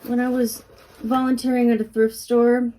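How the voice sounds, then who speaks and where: A woman's voice: a little high, level tone, normal speed, dark tone, a little hiss or hum. A woman from Texas with a light Texas accent, chatting casually and thinking aloud as she packs up her online sales at home. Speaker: online reseller. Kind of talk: casual chat while packing orders.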